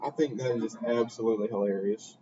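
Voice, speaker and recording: A young man co-hosting a podcast, talking in a quiet, laid-back casual way. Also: mid-range voice, steady tone, fast. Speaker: podcast co-host. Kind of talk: casual chat. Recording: dull lo-fi sound with faint noise.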